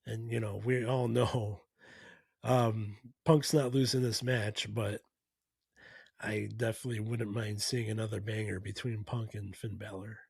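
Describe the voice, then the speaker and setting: A man's voice: fairly low pitch, steady tone, measured pace, creaky, darkish tone, slightly rough, no echo. A man hosting a podcast, recapping events in a casual, rambling way with plenty of fillers and restarts. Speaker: podcast host.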